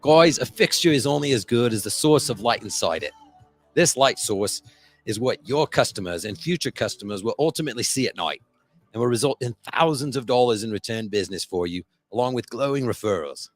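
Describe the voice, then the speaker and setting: A man's voice: low-pitched, a little fast, soft background music. A man putting on a jokey foreign accent to read an ad in a playful, exaggerated way. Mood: hamming it up. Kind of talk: comic ad read.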